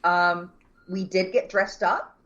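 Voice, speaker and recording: A woman co-hosting a casual podcast chat, talking bluntly and calmly. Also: on the low side, slow, muffled recording. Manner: blunt and calming. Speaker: podcast co-host.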